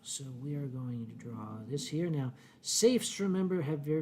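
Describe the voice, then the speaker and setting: A man with a Philadelphia accent hosting a casual livestream from home, reading viewer comments in a dry, wry way and often clearing his throat. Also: fairly high pitch, a little slow, a little mellow, slight background noise. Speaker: livestream host. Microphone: desk microphone.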